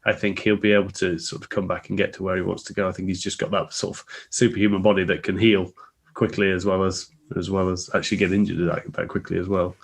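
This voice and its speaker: A man co-hosting a casual podcast, telling stories with lively, loud acted-out quotes. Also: low-pitched, fast talker, creaky, husky. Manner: lively storyteller, acts out quotes loudly. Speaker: podcast co-host.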